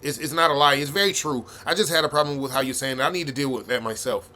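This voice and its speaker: A man's voice: medium pitch, fast talker, bright, forceful tone. Blunt, profane man ranting. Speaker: reaction video host. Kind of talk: heated commentary.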